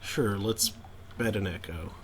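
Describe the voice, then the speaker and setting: A man's voice: fairly low pitch, measured pace. A man streaming a video game, chatting casually and reading the game's text aloud. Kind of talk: casual gameplay commentary.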